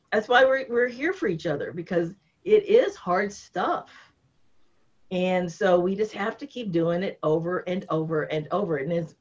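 A woman teaching a course and leading a group discussion, candid and quick to laugh, who repeats phrases for emphasis. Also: lowish voice, slightly rough, lo-fi sound.

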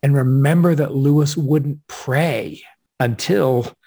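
A man, a guest author and speaker, in an enthusiastic literary discussion, stressing his points and slowing down to read quotations with weight. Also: medium pitch, warm tone.

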